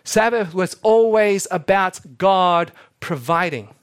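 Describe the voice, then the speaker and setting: A young adult male pastor preaches a sermon, telling the story energetically and acting out the characters he quotes. His voice sits high and smooth, at a slow pace.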